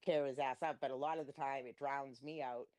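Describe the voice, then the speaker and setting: A woman hosting a live stream, telling crude, laughing gossip stories in a casual chat. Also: brisk. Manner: profane, laughing, animated gossip; mimics others in a high squeaky voice.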